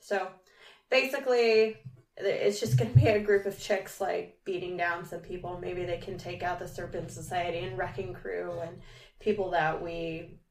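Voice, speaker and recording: A woman's voice: fairly low pitch, level tone, moderate pace, far from the mic. Woman host, eager casual chatter, recorded off-mic in a roomy space. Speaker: podcast host. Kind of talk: casual chat.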